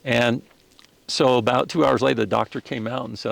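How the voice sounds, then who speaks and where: A man with a deeply gravelly, fry-laden voice recounts a personal story as a podcast guest. He speaks earnestly and with feeling, stumbling and restarting his sentences as he goes. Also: steady tone, moderate pace, no room sound. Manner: earnest, emotional, with frequent restarts.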